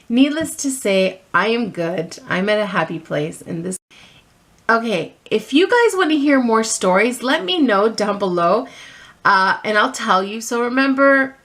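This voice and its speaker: A middle-aged woman telling a personal story on her vlog, animated and a little flustered, with many restarts. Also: mid-range voice. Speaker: vlogger.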